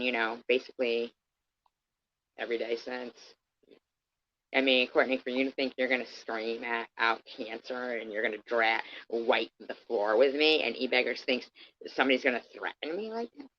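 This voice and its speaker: A woman livestreaming an angry, profane rant, confronting her critics head-on. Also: rumbling low. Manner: heated, profane, confrontational, addresses critics directly. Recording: dull lo-fi stream audio.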